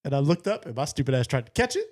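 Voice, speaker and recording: Man, podcast host, mid-pitched voice, wry and laid-back, casual chat. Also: very animated, rapid-fire, a little mellow. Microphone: headphones and podcast mic.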